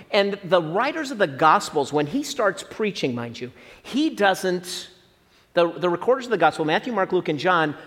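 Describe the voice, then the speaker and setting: A middle-aged man from Southern Illinois preaching a sermon as a pastor, conversational and animated, with asides to his congregation. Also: sits high. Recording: long reverb of a hall.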